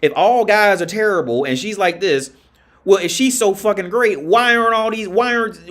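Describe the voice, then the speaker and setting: High-voiced man ranting on a livestream. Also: moderate pace, fairly bright tone. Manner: emphatic, profane, repeats phrases. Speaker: livestream host.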